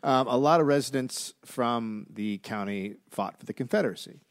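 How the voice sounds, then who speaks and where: A man's voice: mid-range voice, normal speed, no echo. A man co-hosting a comedy history podcast, telling the story from his research notes with dry asides and frequent "uh"s. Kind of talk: casual comedic history chat.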